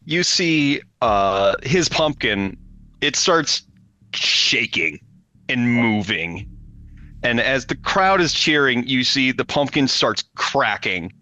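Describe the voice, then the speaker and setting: A man narrating as game master of a tabletop game, setting scenes in a halting, descriptive way. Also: mid-range voice, animated, pushed and bright, highs cut off.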